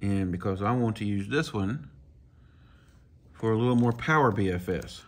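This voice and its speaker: A man's voice: fairly low pitch, moderate pace. Laid-back man tinkering. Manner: relaxed, talks to himself while working, folksy. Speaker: fishing channel host. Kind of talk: casual hands-on tutorial.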